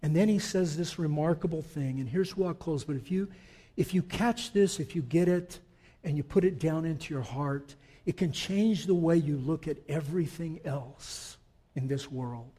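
A male pastor preaching a sermon, moving from quiet, conversational explanation with asides to the congregation into loud, emphatic declarations. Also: a little high, normal speed, slightly rough.

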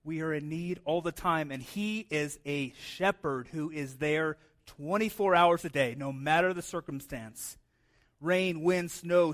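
A man's voice: on the high side, a bit bright. A man in his thirties preaching a sermon in a conversational way, often adding "right?" and repeating words as he goes. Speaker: pastor.

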